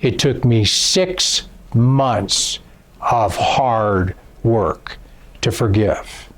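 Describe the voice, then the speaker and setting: A man's voice: mid-range voice, drawn-out words, pitched below the performer's own voice. A man doing a tearful, humbled weightlifter. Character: big brazen male weightlifter, tearful and humbled.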